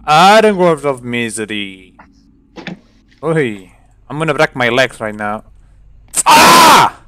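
A young man giving excited co-op gameplay commentary, swearing and breaking into sudden shouts. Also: medium pitch, unhurried, very noisy. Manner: loud, swearing, bursts into shouts. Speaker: gaming streamer.

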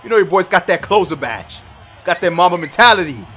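A man giving excited live commentary over his own basketball video game, shouting at big plays. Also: sits high, brisk, slight background noise. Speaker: gaming YouTuber.

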